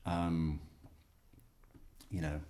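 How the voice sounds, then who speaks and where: A man's voice: rumbling low, monotone, drawn-out words, dark tone. A man hosting commentary on recorded calls, joking and chuckling in casual asides. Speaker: host.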